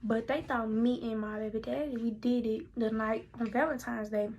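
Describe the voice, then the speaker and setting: Brief: young woman vlogger, fairly high voice, casual animated storytelling. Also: moderate pace, slight background noise. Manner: animated, chatty, addresses viewers directly.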